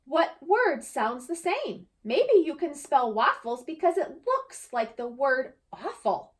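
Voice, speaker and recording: Lady doing a chirpy helpful little girl, high and lively, storybook. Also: slow pace, full character voice. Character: helpful young schoolgirl.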